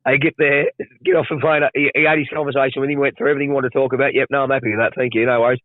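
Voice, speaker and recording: Fast-talking Australian man, crude banter. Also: mid-range voice, level tone, dry recording, narrow, tinny audio. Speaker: podcast host. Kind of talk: casual podcast chat.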